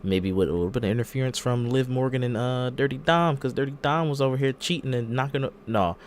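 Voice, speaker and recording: A man hosting a podcast in casual chat, retelling events in an animated way and acting out the quotes. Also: medium pitch, fast talker. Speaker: podcast host.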